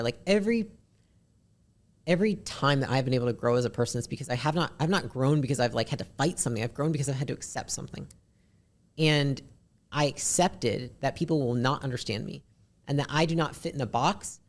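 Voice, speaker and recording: A woman with a deep, raspy voice, a podcast guest talking bluntly and candidly, swearing casually. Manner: blunt, swears casually, talks fast in bursts.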